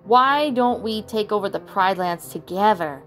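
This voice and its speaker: Storybook villain lioness, scheming and spiteful, read by a woman in a mid-pitched voice, soft music below. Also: animated, a little slow. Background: soft background music.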